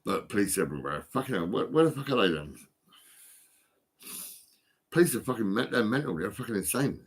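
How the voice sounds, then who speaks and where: A man with a stammering delivery, recording a rambling, expletive-laden solo rant on his phone. He drifts between low muttering and sudden angry outbursts. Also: very animated, brisk, husky. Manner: heavy swearing, stammering repeats, swings from muttering to outbursts. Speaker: vlogger.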